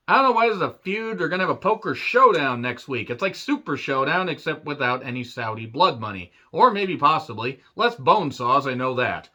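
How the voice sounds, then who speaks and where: A man's voice: on the high side, lively intonation, moderate pace, pushed and bright, dull audio. A man reviewing a wrestling show in a profane, sarcastic rant. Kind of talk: ranting review vlog.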